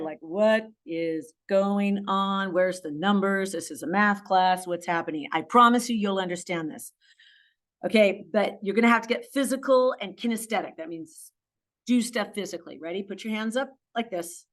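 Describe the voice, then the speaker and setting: A woman's voice: medium pitch, moderate pace. A woman math teacher giving a video lesson, stressing key words and encouraging her students.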